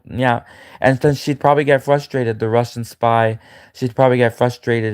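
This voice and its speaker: A man's voice: mid-range voice, fairly even intonation, a little fast, darkish tone, clean tone, dry recording, clean studio sound. A man talking casually on a live stream, rambling and repeating himself, often restarting sentences. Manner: rambling, repetitive, frequent restarts.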